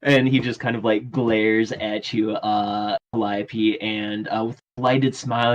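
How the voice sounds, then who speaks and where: A man narrating a tabletop game as game master, unhurried and filling pauses with "uh". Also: on the low side, flat delivery, muffled recording. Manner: unhurried, with many filler pauses. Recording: faint background noise.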